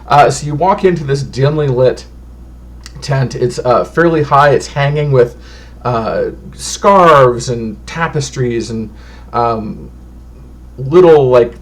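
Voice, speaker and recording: A man narrating as game master of a tabletop game in a loose, descriptive way, with many fillers. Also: mid-range voice.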